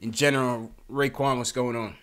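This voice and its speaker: A man's voice: medium pitch, normal speed. Laid-back male podcast host. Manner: relaxed, chatty, fills with "man". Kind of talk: casual sports talk.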